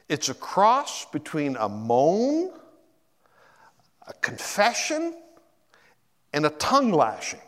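Speaking slowly with long pauses, this middle-aged pastor has a slightly high voice that carries a big-room sound through the church sanctuary. During his sermon he repeats words as he gathers his thoughts and, in an animated way, acts out quotes with sudden changes of voice.

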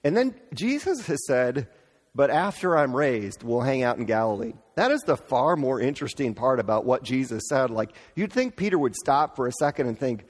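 A man preaching a casual, conversational sermon, informal and animated, acting out quotes playfully. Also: mid-range voice, normal speed, long reverb tail. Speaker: pastor.

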